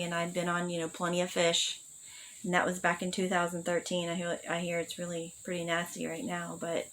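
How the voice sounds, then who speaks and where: A woman's voice: fairly low pitch, fairly bright tone, low-quality recording. Blunt swearing woman telling her story. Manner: blunt, swears freely, rambling with many fillers. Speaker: vlogger. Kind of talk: candid personal storytelling.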